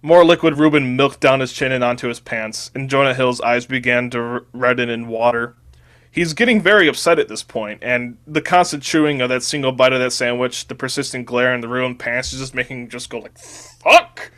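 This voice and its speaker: A man's voice: medium pitch, steady tone, fairly quick, a bit bright. A man, a podcast host, casually reading out a crude comedic fanfiction, rambling and restarting words.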